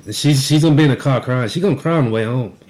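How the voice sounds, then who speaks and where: A man's voice: medium pitch, rapid-fire, darkish tone. A man co-hosting a podcast, telling rambling, profane stories about his workday with frequent restarts. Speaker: podcast co-host. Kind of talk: casual podcast rant.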